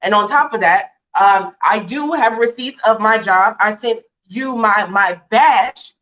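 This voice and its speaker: A woman's voice: mid-range voice, a little slow. A woman giving a heated interview on a livestream, defiant and indignant, firing off rhetorical questions. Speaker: interview guest. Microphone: video call. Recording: muffled lo-fi stream audio.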